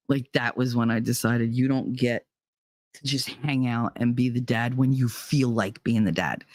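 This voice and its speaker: A woman's voice: rumbling low, fairly even intonation, normal speed, darkish tone, no echo, clean studio sound. A woman host telling a personal story bluntly, swearing freely and speaking with heated emphasis. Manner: blunt and profane, emphatic retelling. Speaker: podcast host.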